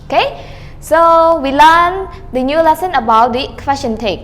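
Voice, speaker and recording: High-voiced woman teaching grammar. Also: animated, measured pace, a bit bright, in a large hall. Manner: repeats "okay" often, calls herself teacher; models question-tag intonation with rising and falling tones. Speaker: English teacher. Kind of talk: recorded online grammar lesson.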